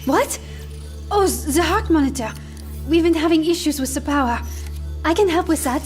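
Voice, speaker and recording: Actress playing a young woman, high voice, gentle and earnest. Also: moderate pace, faint music behind, natural voice. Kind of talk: game cinematic voice acting.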